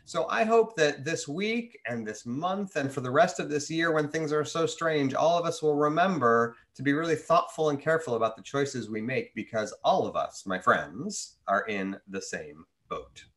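A man's voice: a little high, animated, normal speed, few pauses, a bit bright. Friendly man telling a children's story. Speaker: religious school service leader.

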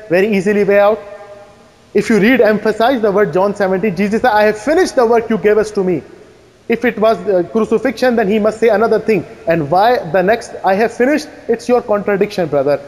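A man giving a fast, insistent debate rebuttal, firing challenging questions at his opponent. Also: high-pitched, a little mellow. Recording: echoey hall reverb.

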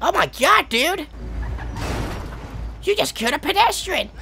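A woman giving gameplay commentary with friends, jumpy and yelling and swearing in fright. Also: extremely high pitch, sing-song, a little slow, gravelly. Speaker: gaming video host.

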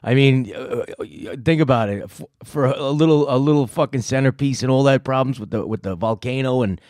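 A man's voice: medium pitch, brisk, a little mellow, no echo, studio quality. A man hosting a comedy show in casual chat, rambling and swearing and mocking himself. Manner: rambling, profane, self-mocking. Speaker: host.

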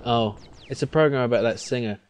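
A man voicing a large, gloomy bar patron who talks in a flat, indifferent way. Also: medium pitch, a little fast, a little hiss or hum, lightly acted.

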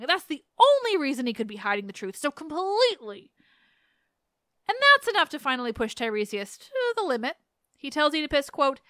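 A young adult woman hosting a podcast, retelling an old play in a chatty, animated way. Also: high-pitched, no room sound, studio quality. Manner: chatty, animated, laughs and restarts. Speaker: podcast host. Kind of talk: casual myth retelling.

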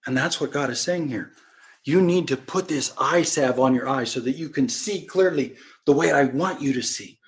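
A man preaching a Bible-study sermon in animated storytelling style, acting out quoted voices and swinging from loud cries to quiet asides. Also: medium pitch, normal speed. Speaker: pastor teaching a Bible lesson.

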